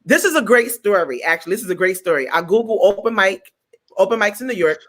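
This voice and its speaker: A woman's voice: mid-range voice, quick pace. A woman comedian from New Jersey telling a story in casual chat, acting out the voices of the people in it. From New Jersey, USA. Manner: animated, acts out quoted voices; stutters at times. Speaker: comedian guest.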